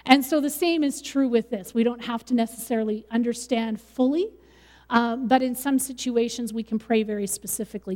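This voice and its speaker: A woman's voice: on the high side, a little fast, a little mellow, long reverb tail. A middle-aged woman pastor preaching a sermon in a conversational way, with light laughs.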